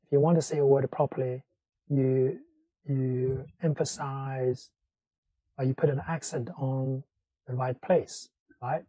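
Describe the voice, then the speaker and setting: A man teaching a language lesson, explaining in English between slow examples with many fillers. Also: medium pitch, fairly even intonation, mellow, slightly rough, dry recording, poor audio. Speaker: Mandarin teacher.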